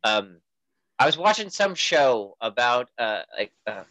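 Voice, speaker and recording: A man chatting casually, his voice swinging up and down as he tells a story. His tone is bright and forward, recorded close and dry. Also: medium pitch, unhurried, no echo, low-quality recording. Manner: animated storyteller, lots of "like" fillers. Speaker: dad telling a story. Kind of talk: casual chat.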